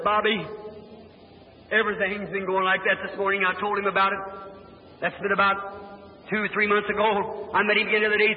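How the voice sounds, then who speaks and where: A man preaching a sermon. He tells stories and questions the congregation with fervor. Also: high-pitched. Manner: fervent, retells conversations, asks the congregation questions. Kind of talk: sermon with storytelling. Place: church hall. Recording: echoey hall over a tinny old line.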